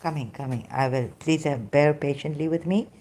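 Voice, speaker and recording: Woman lecturer, low mellow voice; halting non-native English, unhurried, reading out verses. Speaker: religious critic presenting scripture.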